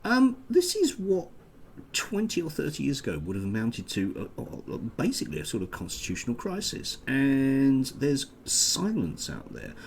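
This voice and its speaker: A man giving a casual political vlog monologue, sarcastic and halting, full of ums and uhs. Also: medium pitch, huge pitch swings, gravelly, slight background noise. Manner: sarcastic, halting with many fillers. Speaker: political commentator.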